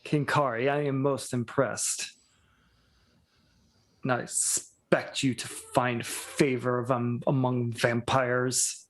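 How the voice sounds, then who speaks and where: A man's voice: mid-range voice, flat delivery, slow. A man voicing a bitter, jealous woman who sneers at a rival. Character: scornful, jealous female rival.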